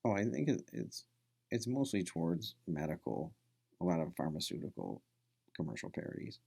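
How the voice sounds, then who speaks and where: A man's voice: low-pitched, sing-song, moderate pace, vocal fry, a little mellow, slightly rough. A male instructor giving a casual recorded lecture, rambling with many fillers and restarts.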